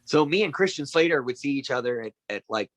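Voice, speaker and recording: A middle-aged man, a guest actor, telling animated stories in a casual chat and acting out the voices of the people he quotes. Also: medium pitch, quick pace, dry recording, low-quality recording. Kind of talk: casual anecdotal storytelling.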